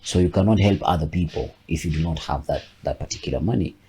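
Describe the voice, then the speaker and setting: A man's voice: deep voice, fast talker, warm tone, slight background noise. A man, reflecting aloud in a casual podcast chat and often repeating words as he thinks. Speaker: podcast co-host.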